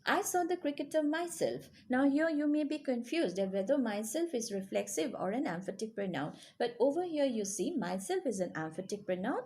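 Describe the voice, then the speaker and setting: Woman teacher with lively rising pitch. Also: moderate pace, hardly any pauses. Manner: explains patiently, checks in with rising "yes?" and "okay?". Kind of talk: recorded grammar lesson for children.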